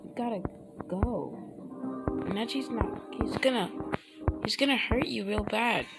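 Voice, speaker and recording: Soft shy teen ninja girl, a woman putting her on, quiet and timid, music behind. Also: a little slow, vocal fry. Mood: worried. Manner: soft, timid, higher than her narration. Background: music playing.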